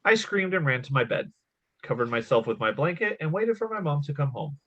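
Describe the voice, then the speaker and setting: A man's voice: a little high, animated, a little fast, fairly bright tone, muffled recording. A man in his thirties hosting a casual podcast, reading a creepy story aloud between laughs and swearing. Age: 30s. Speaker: podcast host.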